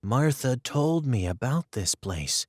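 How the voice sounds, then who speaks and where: A man voicing a gentle, good-natured country boy in a storybook reading. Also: medium pitch, very animated, takes it slowly, no echo, clean studio sound.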